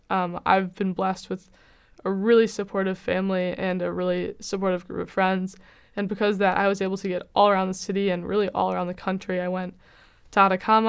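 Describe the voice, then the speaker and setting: A young woman with an American accent shares her story in a reflective, candid way, softening her points with "kind of". Her voice is exceptionally smooth and crisp, and she keeps a narrow, even pitch. It sounds like a personal testimonial from a college student. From United States. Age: young adult. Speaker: university student.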